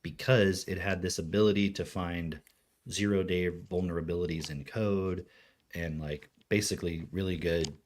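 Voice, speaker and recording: Very deep-voiced man rambling. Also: steady tone, normal speed. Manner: rambling, filler-heavy explaining. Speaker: podcast co-host. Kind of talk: casual chat.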